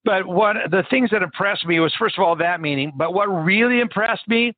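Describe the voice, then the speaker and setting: Male podcast host, high pitch, eager storyteller, tinny phone-line sound. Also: moderate pace, husky, dry recording. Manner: enthusiastic storyteller, restarts often. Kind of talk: casual interview chat. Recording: narrow phone-line audio, dry.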